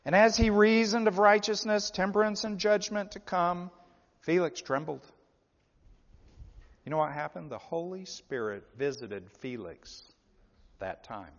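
A man preaching a revival sermon, swinging from loud, pleading appeals to hushed, low endings. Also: measured pace. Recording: dull, echoey hall.

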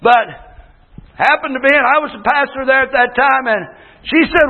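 A man in his sixties, a pastor preaching a folksy sermon with shouted bursts and homely stories. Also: very high-pitched, normal speed. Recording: tinny phone-like sound in a long-echo hall.

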